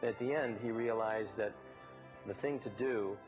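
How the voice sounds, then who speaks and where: A man recounts old stories from his broadcasting days in an easy, anecdotal way. His voice is low and unhurried. Faint guitar music plays softly behind him. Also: muffled recording. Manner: relaxed raconteur, briefly mimics others in quotes. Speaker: former baseball broadcaster. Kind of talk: anecdotal storytelling.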